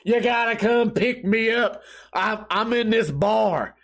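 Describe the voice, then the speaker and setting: A man's voice: sits high, slow, vocal fry, a bit bright, voice pushed up, full character voice. A man voicing a drunk old country man with a drawling, slurred way of speaking. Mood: tipsy pleading. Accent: American country. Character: drunk old male country pool shark, cheerful and sloppy.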